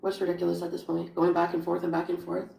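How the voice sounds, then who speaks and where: A woman's voice: fairly low pitch, monotone, fast, vocal fry, mellow. A woman chatting on a livestream in a mumbling, self-pitying way. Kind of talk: livestream chat. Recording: echoey room with faint ambience.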